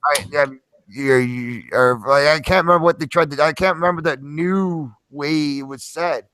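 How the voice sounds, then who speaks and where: A man hosting a casual podcast, talking in an excitable, rambling way and swearing a lot. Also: fairly high pitch, moderate pace, a little hiss or hum. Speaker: podcast host.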